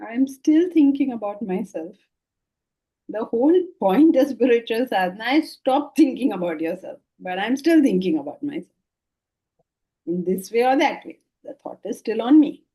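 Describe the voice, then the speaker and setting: An older woman with an Indian English accent giving a spiritual lecture on scripture, lively and full of rhetorical questions and laughter. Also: fairly high pitch, moderate pace, husky, rough recording. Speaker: Vedanta teacher.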